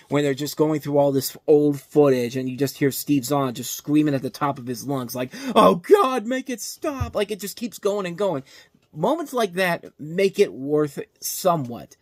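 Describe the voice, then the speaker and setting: A man hosting his own film review show, ranting about a bad comedy in an exasperated, animated way. His voice sits a little high for a man. The recording is dry and close, with no room sound. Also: dry recording. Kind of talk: casual movie review monologue.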